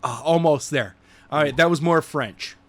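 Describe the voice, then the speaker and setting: A man's voice: on the high side, normal speed. A man co-hosting a casual wrestling podcast, goofy and playful, with joking bursts. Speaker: podcast co-host.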